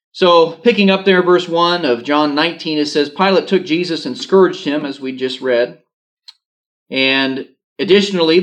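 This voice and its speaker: A man with a slightly raised voice delivers a sermon. He reads scripture aloud and then drops into relaxed, conversational asides to explain it. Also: fairly high pitch. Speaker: pastor. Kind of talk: sermon reading scripture with commentary.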